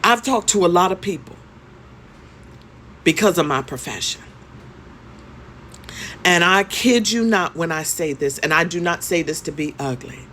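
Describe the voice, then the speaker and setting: A woman's voice: on the low side, lively intonation, measured pace, long pauses, a bit bright, a little hiss or hum. A woman in her fifties telling a story in a conversational, emphatic way, often repeating her points. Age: 50s. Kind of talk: storytime vlog.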